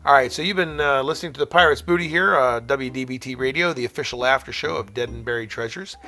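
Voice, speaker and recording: Over soft background music, a podcast host takes phone calls on his call-in aftershow, talking fast in a sharp, medium-pitched voice. Between calls and sponsor reads he rambles cheerfully, laughing and using fillers.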